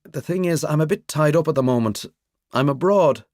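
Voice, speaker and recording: A man's voice: on the high side, lively intonation, moderate pace, darkish tone, dry recording, studio quality, pitched above the performer's own voice, close to an everyday voice. A man voicing a polite but evasive male acquaintance speaking on the phone in an audiobook.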